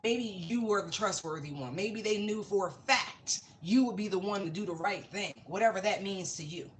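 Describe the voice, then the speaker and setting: A woman's voice: medium pitch, moderate pace, a little hiss or hum. A woman giving a casual tarot reading, talking bluntly and swearing freely. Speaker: tarot reader. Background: music.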